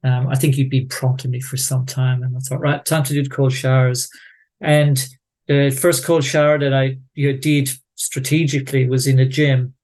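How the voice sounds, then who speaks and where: A man with an Irish accent, a research guest on a podcast, who talks haltingly and repeats words as he thinks. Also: medium pitch, little pitch movement, darkish tone. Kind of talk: conversational interview.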